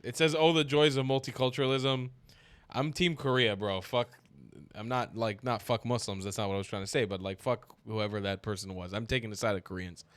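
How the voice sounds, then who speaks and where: A man hosting a reaction commentary, blunt, joking and quick to swear. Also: fairly low pitch, fairly even intonation, smooth, no room sound. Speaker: commentary host.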